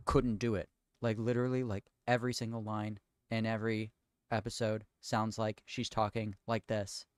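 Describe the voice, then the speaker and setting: A man's voice: medium pitch, dry recording. Ranting young man in a dry room. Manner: ranting, rambling with restarts and swearing. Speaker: streamer. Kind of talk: casual chat while building.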